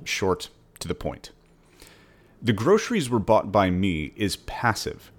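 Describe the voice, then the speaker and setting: A man who is the author, reading his own newsletter aloud as a casual, measured writing lesson. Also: sits low.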